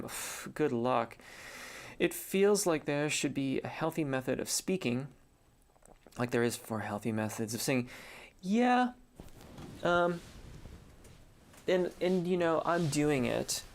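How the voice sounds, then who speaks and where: Guy singing coach doing a live q&a, gravelly voice, laid back, lots of ums. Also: mid-range voice, measured pace, long pauses. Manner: relaxed, thinking aloud with many fillers; reads viewer comments aloud and answers them. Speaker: singing teacher hosting a live Q&A. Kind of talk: casual live-stream chat.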